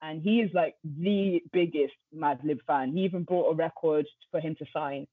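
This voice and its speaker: A young woman DJ telling stories in a casual interview, animated and quick to act out what others said. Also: no echo. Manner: animated, acts out quotes with sudden jumps in pitch. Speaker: DJ and radio presenter, guest. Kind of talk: casual storytelling chat. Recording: tinny phone-like remote line, dry.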